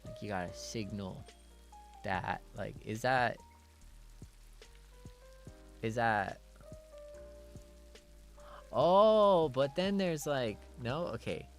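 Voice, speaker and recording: A male streamer hosts a casual chat, reading viewer messages playfully with giggles, mixing English and Japanese and signing off with cat-like "nyan." His medium-pitched voice is extremely slow with frequent pauses. Faint music plays behind him.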